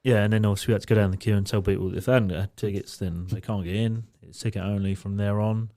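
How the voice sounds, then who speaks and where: A man's voice: on the low side, steady tone, quick pace, dark tone. A man co-hosting a podcast, telling a story in casual chat and swearing freely. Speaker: podcast co-host.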